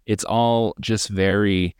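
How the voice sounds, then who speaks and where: Low, smooth-voiced man reviewing a movie. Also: fairly even intonation, slow pace, no room sound, clean studio sound. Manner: rambling, sarcastic, mimics characters in mocking voices. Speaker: podcast co-host. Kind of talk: casual movie review chat.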